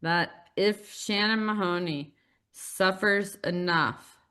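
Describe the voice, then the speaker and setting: Woman cohost on a chat podcast, talks real slow and thoughtful. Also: medium pitch, bright, forceful tone, smooth. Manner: slow, deliberate, reflective. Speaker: podcast co-host. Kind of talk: casual chat.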